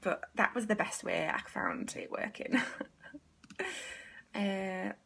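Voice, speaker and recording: A woman's voice: mid-range voice, wildly swooping pitch, takes it slowly, vocal fry, a bit bright, slightly rough. A woman hosting a casual live stream as a business coach, chatty and rambling, with many fillers and half-whispered asides.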